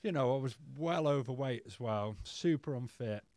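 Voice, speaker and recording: A man's voice: medium pitch, moderate pace, darkish tone, no echo. Swearing, rambling man, dry sound. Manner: peppers speech with "mate" and swearing; loose, rambling with restarts. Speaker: podcast guest. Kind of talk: candid casual storytelling.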